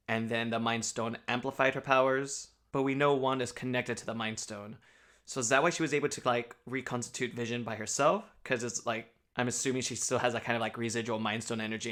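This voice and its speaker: A man's voice: medium pitch, a bit bright. A man hosting a reaction video, gushing and emotional, with lots of exclamations and "like.". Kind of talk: excited reaction commentary.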